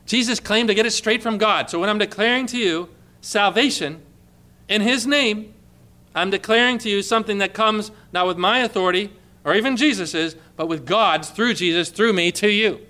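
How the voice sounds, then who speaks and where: A man preaching a sermon with passion, dropping to a hushed tone when quoting scripture. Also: sits high, normal speed.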